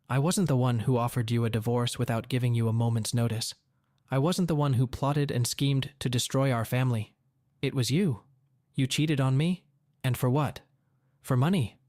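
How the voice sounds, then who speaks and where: A man voicing an angry middle-aged father, blunt and determined, giving forceful retorts in a dry, close read. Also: mid-range voice, normal speed, no echo, close to an everyday voice.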